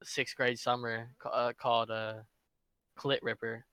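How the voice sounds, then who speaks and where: Young man, laid-back and mumbly, joking, casual podcast chat, bright tone. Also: mid-range voice, level tone, a little slow, smooth, no room sound. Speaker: rapper guest.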